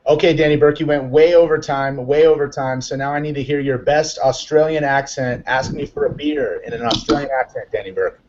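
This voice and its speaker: A man hosting a live online chat show, excitable and upbeat, rambling with lots of fillers. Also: on the high side, a little fast, few pauses, highs cut off, slight background noise. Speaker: host.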